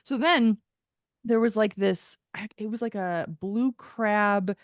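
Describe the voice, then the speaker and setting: A woman's voice: mid-range voice, slow, dry recording, studio quality. A woman co-hosting a podcast, telling a story in casual chat with lots of laughter, acted-out quotes and swearing. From American Midwest. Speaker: podcast co-host.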